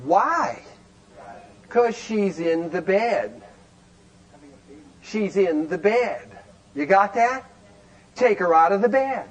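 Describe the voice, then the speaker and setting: A man lecturing a recovery group with great energy, his voice pitched unusually high. He keeps asking the room rhetorical questions and breaks into shouts to drive points home. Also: animated, slow, long pauses, rough recording. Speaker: recovery program speaker.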